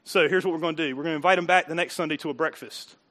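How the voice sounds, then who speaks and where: A high-pitched, fast-talking pastor delivering a sermon to his church congregation. He keeps it animated and conversational, firing off rhetorical questions and briefly acting out the voices of newcomers. His tone is bright and forward.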